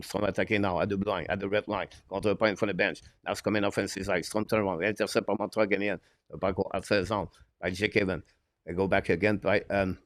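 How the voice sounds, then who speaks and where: A man calling a hockey game live as a fan play-by-play commentator, in rapid, clipped, broken phrases with eager, apologetic asides, speaking into a headset mic. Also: on the low side, no echo, studio quality. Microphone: headphones with mic.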